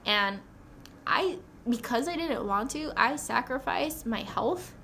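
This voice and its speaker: A young woman telling her personal story in a casual vlog, rambling and excitable, with many "like"s. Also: fairly high pitch, slow, slight background noise. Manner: rambling, excitable, says "like" often. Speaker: new nurse vlogger.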